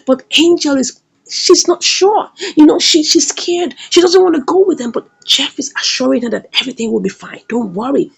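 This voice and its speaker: A woman retelling the plot of a drama episode in a lively storytelling way, leaning on "now said" and "you know" as she goes. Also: high voice, moderate pace, gravelly. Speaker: series reviewer.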